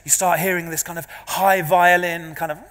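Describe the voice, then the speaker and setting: A man, a pastor preaching to a congregation, an animated and self-deprecating storyteller. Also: on the high side, normal speed. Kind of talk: sermon with humorous storytelling. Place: large church before a congregation. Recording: long reverb of a large church.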